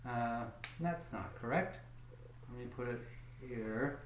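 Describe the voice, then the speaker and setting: A man's voice: mid-range voice, slow, echoey room, a little hiss or hum, poor audio. A man teaching a pronunciation lesson, speaking patiently, repeating words and checking in with "okay?". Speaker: English teacher.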